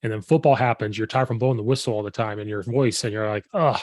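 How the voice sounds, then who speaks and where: Animated, slightly hoarse man host. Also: fairly low pitch, quick pace, dry recording. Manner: animated storyteller, quotes himself, laughs often. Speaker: podcast host and football coach. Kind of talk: casual chat.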